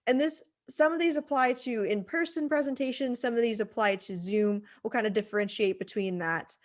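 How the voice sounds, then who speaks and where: A woman's voice: a little high, brisk. A woman teaching presentation skills in a recorded lecture, conversational, with frequent fillers and restarts, speaking into a computer microphone. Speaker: writing center instructor.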